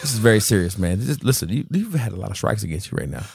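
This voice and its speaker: A man's voice: on the low side, lively intonation, fast, vocal fry, breathy edge, no echo, studio quality. A man co-hosting a movie podcast, talking loosely and profanely with lots of laughter, a bit tipsy on whiskey. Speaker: podcast co-host. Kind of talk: casual podcast banter.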